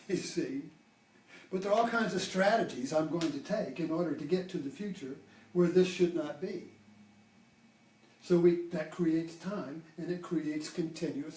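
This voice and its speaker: A man's voice: on the high side, a little mellow, far from the mic. An older man giving an informal spiritual talk, rambling and restarting his sentences often. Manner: rambling, with many restarts and fillers. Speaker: spiritual teacher. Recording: roomy, from off-mic.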